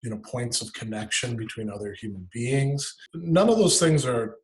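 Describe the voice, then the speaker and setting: A man talks through a philosophical idea as a podcast guest, restarting phrases as he works it out. His voice has a middle pitch and an easy conversational flow. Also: animated, normal speed, poor audio. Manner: thinks aloud, explaining with frequent restarts. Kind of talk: casual conversation.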